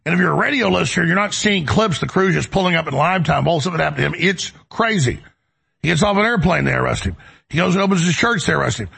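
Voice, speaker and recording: Talking fast and expressively, this American talk show host has a fairly high, slightly bright voice with a gravelly rasp. His monologue is heated and rambling, punctuated by emphatic repeated words.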